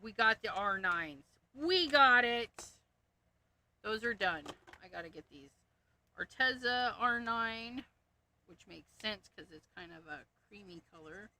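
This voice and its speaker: A woman's voice: mid-range voice, animated, unhurried, pushed and bright, slight background noise. A woman hosting a crafting livestream, casually talking to herself as she sorts markers and reads off their codes, and easily amused by her own jokes. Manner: muttering, reading off codes to herself. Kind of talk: casual livestream chat while sorting markers.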